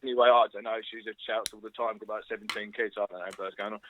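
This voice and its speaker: A man playing a rambling, impatient caller who gives muddled directions to his flat, as a prank over a tinny phone line. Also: on the high side, normal speed, close to an everyday voice. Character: rambling fast-talking man ordering food from a flat. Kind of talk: comic prank phone call.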